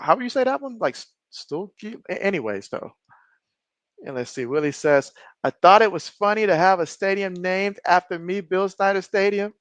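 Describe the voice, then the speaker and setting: Guy doing live play-by-play on stream, high voice, jokey and excitable, dry close sound. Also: no echo. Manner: jokey, excitable, often laughs. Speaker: live-stream sports commentator. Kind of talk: casual play-by-play with chat reading.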